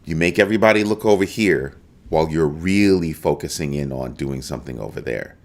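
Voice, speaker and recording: A man with a very low, deep voice hosts a live crypto stream. He talks in an emphatic, animated way and calls out to viewers in the chat as he goes. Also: brisk. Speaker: crypto show host.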